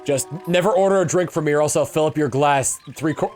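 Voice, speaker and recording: A man's voice: on the high side, fast, darkish tone, soft background music. A young man talking casually on a game livestream, rambling with lots of fillers and restarts. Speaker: game streamer.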